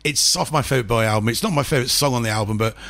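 A man's voice: medium pitch, very fast, vocal fry, a bit bright, no room sound. A man as a podcast guest, telling rambling pub anecdotes in casual chat, full of restarts and fillers.

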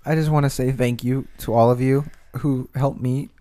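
A man's voice: mid-range voice, steady tone, normal speed, dark tone, no room sound. A young man co-hosting a casual podcast, joking sarcastically and swearing. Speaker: podcast co-host. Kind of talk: casual chat.

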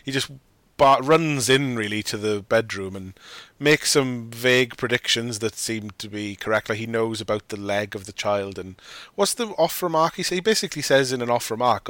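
A man's voice: medium pitch, normal speed, fairly bright tone, no room sound. A man hosting a casual film discussion, rambling and often correcting himself as he argues his opinions. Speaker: podcast host.

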